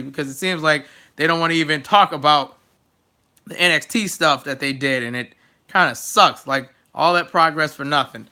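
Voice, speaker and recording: An excitable young man runs through a wrestling recap on his own, chatty and quick to joke like a fan. His voice sits high and sounds very bright and sharp. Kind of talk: casual solo recap.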